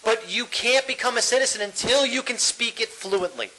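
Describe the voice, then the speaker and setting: Ranting podcast co-host, bright voice, swears a lot, laughs easily. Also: male voice, very high voice, moderate pace, low-quality recording. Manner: ranting, profane, laughs often. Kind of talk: casual podcast chat.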